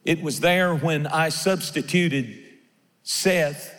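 A man's voice: a little high, takes it slowly, fairly bright tone, big-room sound. A male pastor preaching a sermon, emphatic and given to repeating his words as he tells stories.

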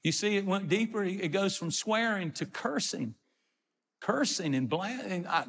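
A man's voice: on the high side, expressive, unhurried, creaky, big-room sound. A man preaching a sermon, retelling scripture and explaining it in plain everyday words. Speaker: pastor.

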